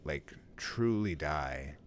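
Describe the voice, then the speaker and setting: A man's voice: rumbling low, animated, very slow, a little hiss or hum. A man chatting casually as a podcast co-host, rambling loosely with plenty of fillers and swearing. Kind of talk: casual chat.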